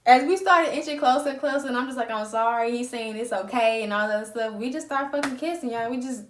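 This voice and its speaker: Animated profane woman vlogger, roomy. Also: a little high, quick pace, noisy background. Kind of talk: storytime vlog. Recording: roomy echo.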